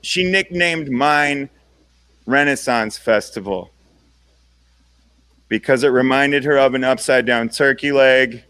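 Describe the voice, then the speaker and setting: Slow delivery with long pauses marks this young comedian's mid-range voice, which is sharp, clear and resonant, with no room sound. His stand-up is conversational and self-deprecating, each punchline capped with a "right?" aimed at the crowd.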